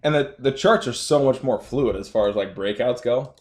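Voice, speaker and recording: A man's voice: medium pitch, moderate pace, a little mellow. Man, young, casual chat, easygoing, laughs a lot, trailing phrases. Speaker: trader.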